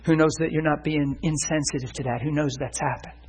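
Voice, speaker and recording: Male preacher, husky, fairly high voice, lively storytelling sermon, surges up when excited. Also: fairly quick.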